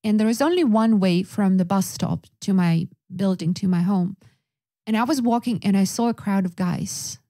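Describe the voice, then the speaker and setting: A young woman with a Russian accent, co-hosting a podcast and telling stories in a casual, animated way. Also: medium pitch, moderate pace. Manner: animated, acts out quoted voices. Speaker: podcast co-host. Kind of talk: casual storytelling chat.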